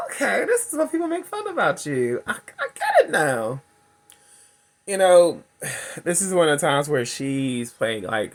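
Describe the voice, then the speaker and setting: A man in his thirties giving a chatty, laughing movie recap and review, acting out characters' lines in a high voice.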